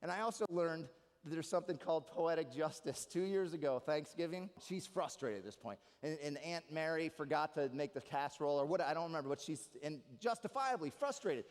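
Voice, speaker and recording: A man's voice: on the high side, fairly quick. A young man performing stand-up comedy on a live stage, telling jokey stories with lots of asides. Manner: animated, jokey storytelling with asides. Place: live stage in a large hall. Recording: live hall with reverb.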